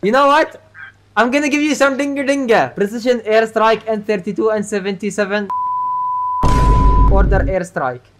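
A man's voice: high-pitched, fairly even intonation, moderate pace, long pauses, a bit bright, a little hiss or hum. A man prank-roasting random strangers over video chat, teasing them and laughing often.

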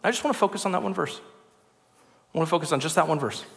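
A man's voice: on the high side, racing, vocal fry. A man preaching a sermon in a church, joking and chatty as he explains scripture. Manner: lively, joking, conversational preaching. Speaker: pastor. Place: church sanctuary. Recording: long reverb of a large church hall.

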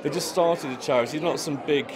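A man's voice: a little high, a little fast. A man who donated an artwork, in a casual interview, speaking earnestly and plainly. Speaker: artwork donor. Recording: crowd chatter around.

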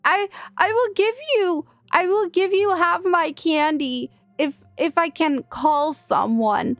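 Here is a stammering lost girl, hurt and desperate, pleading in a high small voice, as a woman puts her on in a video game. Faint music plays under her. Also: slow, a bit bright, exaggerated voice. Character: lost scared young girl trick-or-treater. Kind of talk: playing a character in a video game.

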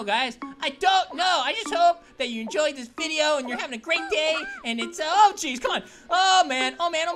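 A performer voicing an upbeat, goofy male cartoon grape who hosts a let's play with excitable, punning commentary and yelps. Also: medium pitch, close to an everyday voice. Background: background game music.

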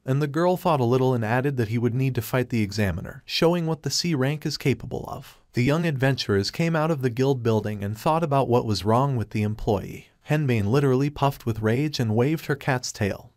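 A man's voice: medium pitch, no room sound. Man narrating a story recap, dry sound. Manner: flat, even storytelling in third person. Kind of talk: scripted narration.

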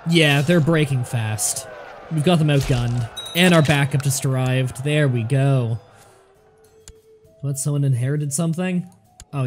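A young man, sick with a sore throat, casually commenting on a strategy game as he plays and thinks aloud. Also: mid-range voice. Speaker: let's play host. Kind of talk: gameplay commentary. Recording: faint background music.

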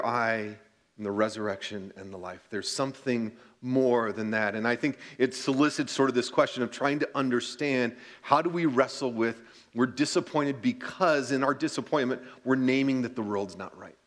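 Man preaching an earnest sermon. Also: medium pitch. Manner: earnest, reads scripture then reflects, slows for emphasis. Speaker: pastor. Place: church.

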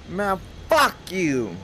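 A man's voice: fairly high pitch, background noise. A drunk man with the hiccups, cursing and muttering to himself while playing a VR game. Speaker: gamer. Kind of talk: profane gameplay commentary.

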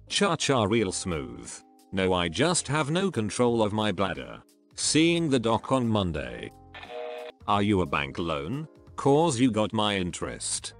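A man narrating posts in a scripted reading, doing lower voices for the quoted lines.

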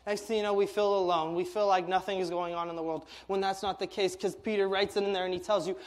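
A young man preaching a sermon as youth pastor, animated and tripping over his words when excited. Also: high voice, quick pace, hardly any pauses.

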